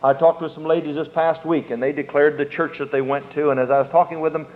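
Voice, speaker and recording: Male pastor, fairly high voice, emphatic drawn-out sermon delivery, tinny phone-quality audio. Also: level tone. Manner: preaching with drawn-out emphatic words and rising fervor.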